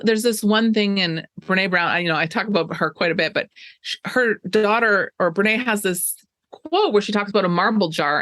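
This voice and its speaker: A woman's voice: mid-range voice, fairly bright tone, no echo. A woman coach co-hosting a podcast in casual chat, upbeat and encouraging, speaking from her desk. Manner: upbeat, encouraging, fillers like "you know". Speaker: life coach, podcast co-host.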